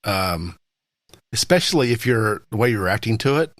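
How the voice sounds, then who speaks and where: A man's voice: lowish voice, expressive, normal speed, fairly bright tone, no echo, clean studio sound. A middle-aged man with a Southern US accent, co-hosting a casual podcast and telling family stories with frequent chuckles. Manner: chuckling, anecdotal. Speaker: podcast co-host.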